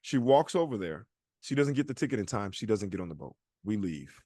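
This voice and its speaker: A man's voice: lowish voice, a little fast, dry recording. Dry-sounding male podcast storyteller. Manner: animated storyteller acting out quoted people. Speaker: podcast co-host. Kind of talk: casual storytelling chat.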